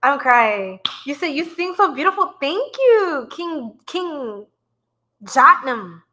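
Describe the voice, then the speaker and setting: A woman's voice: sits high, big pitch swings, takes it slowly, pushed and bright. A young woman reading tarot on a live stream, chatting playfully with viewers and a little short of breath. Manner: playful, chatty, singing bits of songs. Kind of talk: casual live-stream chat.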